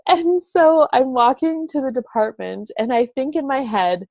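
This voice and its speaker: A woman's voice: high voice, expressive, unhurried, a little mellow, no room sound. A woman hosting her own show, casually telling an everyday story and acting out both sides of the conversations. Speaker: show host and facilitator.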